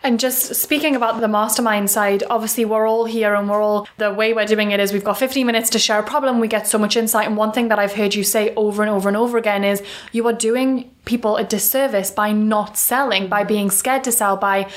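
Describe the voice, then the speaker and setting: Female podcast host, fast, eager and affirming. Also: mid-range voice, steady tone. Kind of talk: podcast interview.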